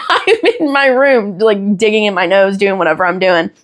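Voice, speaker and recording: A young woman with a mid-range voice hosts a podcast and tells a story in a loose, chatty style. She swears freely, laughs often, and sounds animated throughout. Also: mid-range voice, moderate pace. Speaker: podcast host. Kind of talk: casual storytelling chat.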